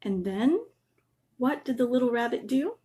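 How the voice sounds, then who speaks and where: A woman gently reading a children's bedtime story aloud, adding little asides. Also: a little high, animated, moderate pace, slight background noise.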